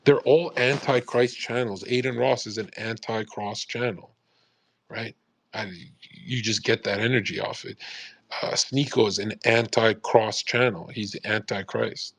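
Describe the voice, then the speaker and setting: Man, streamer, casual profane monologue, dry close sound, middle pitch. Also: gravelly, no echo. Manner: profane, animated, calls listeners "bro". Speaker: streamer on a live audio space.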